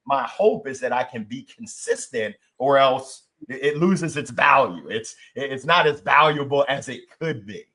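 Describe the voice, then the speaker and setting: A man's voice: medium pitch, lively intonation, measured pace, hardly any pauses, sharp tone. A man who is a professional speaker, talking on a live video call and giving enthusiastic advice, often repeating words as he starts a thought.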